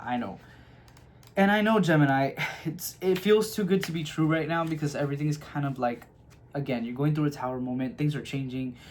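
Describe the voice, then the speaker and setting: Affectionate chatty man giving a tarot reading. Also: on the high side. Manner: affectionate, calls listeners "my loves"; chatty, reassuring, frequent "okay?" check-ins. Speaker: tarot reader. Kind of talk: casual tarot reading to camera.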